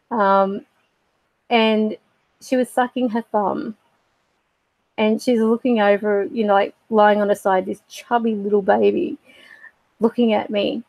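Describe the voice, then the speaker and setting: A middle-aged woman telling a personal story on a livestream, halting and reflective with many fillers. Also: medium pitch, darkish tone, no echo, poor audio. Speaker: spiritual livestream host.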